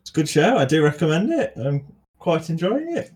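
A man's voice: a little high, sing-song, brisk, darkish tone. Hesitant young man hosting casual chat. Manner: hesitant, laughs often, restarts sentences. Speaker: podcast host.

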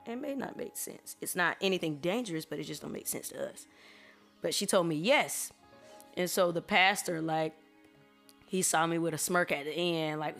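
A woman sharing a church testimony in a lively, conversational way. Her voice sits a little low, and she acts out her reactions as she goes. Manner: animated, colloquial, expressive storytelling. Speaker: church member giving a testimony. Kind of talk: personal testimony storytelling.

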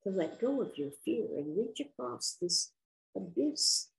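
Gentle reassuring woman visitor, as an older woman quotes her. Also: medium pitch, very animated, unhurried, creaky, rough recording. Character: kind, insistent woman visitor offering spiritual comfort.

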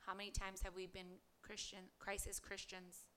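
A woman delivers a devotional podcast sermon in a bright voice. She reads scripture aloud and asks earnest rhetorical questions. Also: medium pitch, monotone, normal speed. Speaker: preacher.

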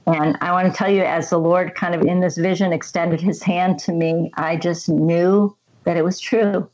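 A woman speaks in a low, steady voice that barely rises or falls. She tells her story earnestly and reflectively, like a guest recounting her own experience. The sound is a little dull, as if recorded on modest equipment. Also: moderate pace. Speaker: interview guest. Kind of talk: personal faith testimony.

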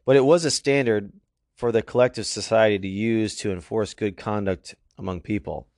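Earnest low-voiced man preaching. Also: moderate pace, a little mellow, no echo, studio quality. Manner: earnest, emphatic, reads verses aloud. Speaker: youth pastor. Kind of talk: sermon with scripture reading.

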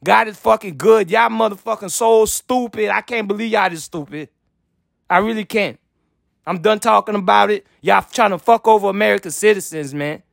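High gravelly voice, man ranting. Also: normal speed, no room sound, studio quality. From Haiti. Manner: heated, blunt, swearing constantly, repeats himself. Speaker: vlogger. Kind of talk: profane political rant.

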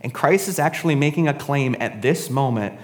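A man's voice: medium pitch, a little fast, big-room sound. A man giving a casual, conversational sermon, often adding "right?" and "honestly". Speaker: preacher.

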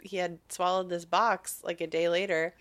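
A woman's voice: lowish voice, little pitch movement, moderate pace, fairly bright tone. A woman casually retelling a story, laughing often, swearing and acting out quotes.

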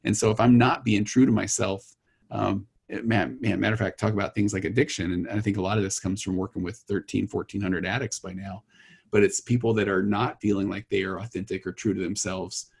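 A man with a low, husky voice speaks as a podcast guest. He tells a story earnestly and rambles, often restarting his sentences. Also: steady tone, brisk. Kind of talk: casual conversation.

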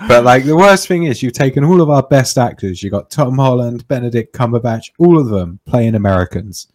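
A man's voice: mid-range voice, expressive, normal speed, a little mellow. Man, podcast guest, dry opinionated casual talk. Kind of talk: casual chat.

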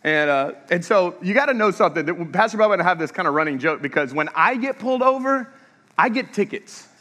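A man's voice: high voice, expressive, fast, sharp tone. A man preaching a sermon as pastor, telling funny stories and throwing questions out to the congregation. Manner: humorous, storytelling, engages the audience with questions. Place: church sanctuary. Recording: echoey church hall.

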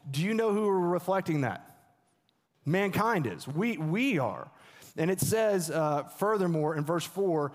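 High-voiced pastor preaching in a reverberant hall. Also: male voice. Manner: earnest, repetitive phrasing with frequent restarts, rhetorical questions. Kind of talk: sermon. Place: church sanctuary.

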